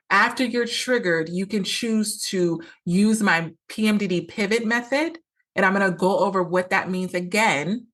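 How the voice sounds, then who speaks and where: A woman hosting her own podcast in an earnest, coaching tone. Her voice sits in a middling pitch, and she repeats key phrases for emphasis. Now and then she slips into quoted lines as she talks through her points. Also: a bit bright. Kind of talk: solo podcast monologue.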